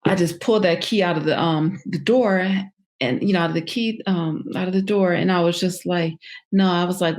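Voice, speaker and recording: A woman speaks as a podcast guest with a slightly low voice. Her story comes out haltingly, with many fillers, pauses and restarts. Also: a little mellow. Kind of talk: personal storytelling in an interview.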